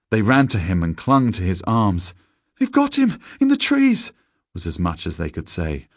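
A man reading a story aloud in a measured, deliberate audiobook narration. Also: low-pitched, no room sound.

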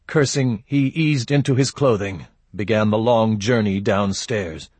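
A man narrating a story in a measured, steady way. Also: on the low side, breathy edge, no room sound. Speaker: audiobook narrator. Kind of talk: scripted narration.

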